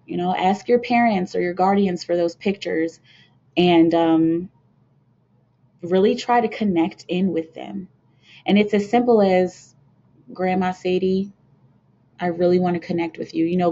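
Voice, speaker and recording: A young woman from the United States talks to her viewers about spiritual matters, earnest and meandering, full of fillers and false starts. Her voice sits low with a soft, mellow tone. The sound is dull and lo-fi. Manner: earnest, rambling, with many fillers and restarts. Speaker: spiritual card reader hosting a channel. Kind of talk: casual spiritual talk to viewers. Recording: dull lo-fi home video sound.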